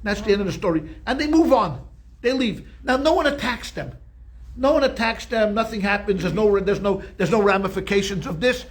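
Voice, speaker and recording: High-voiced rabbi telling a story. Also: male voice, a little fast. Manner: animated, conversational storyteller with frequent restarts. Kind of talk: Torah class storytelling.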